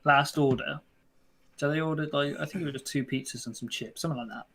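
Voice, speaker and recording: A man's voice: a little high, a little fast, vocal fry, a little hiss or hum. Young British man telling stories. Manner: animated storytelling, acts out customers' lines. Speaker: podcast co-host. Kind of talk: casual chat.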